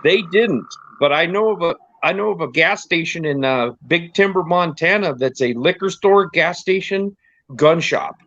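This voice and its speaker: A podcast host from the United States, a man, chats casually while telling rambling road-trip stories, laughing often as he goes. His voice is a little high and a bit bright, with lively intonation at a normal speed. The recording is dull, lo-fi and dry, with no room sound.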